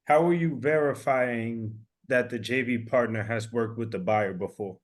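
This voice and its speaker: A man's voice: mid-range voice, normal speed. A man hosting a live call, briefly reading out questions from the chat. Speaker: host.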